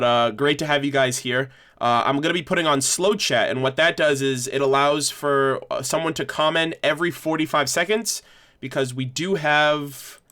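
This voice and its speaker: A man's voice: fairly high pitch, bright, forceful tone. A young man hosting a casual livestream discussion, rambling with many restarts as he thanks viewers. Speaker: livestream host.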